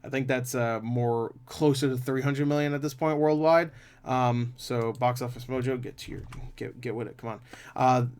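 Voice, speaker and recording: A man chatting casually about box office numbers as a movie reviewer, swearing freely and laughing often. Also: medium pitch.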